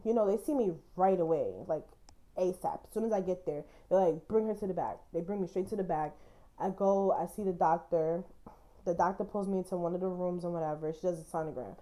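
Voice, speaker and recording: A woman's voice: medium pitch, mellow. A young woman hosting a podcast, telling a personal story in a blunt, candid way and swearing casually. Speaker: podcast host.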